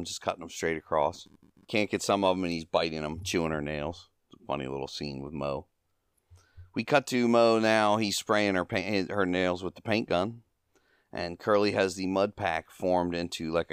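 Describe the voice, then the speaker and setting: Deep yet fairly bright and clean, a male podcast host's voice comes through a dry studio recording. He casually reviews and retells the jokes of an old comedy short, laughing frequently and performing the quoted lines.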